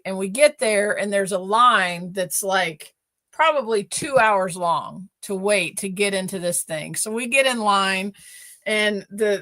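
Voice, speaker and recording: A woman, hosting a casual livestream and telling a story in a chatty, animated way with many fillers. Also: mid-range voice. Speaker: host.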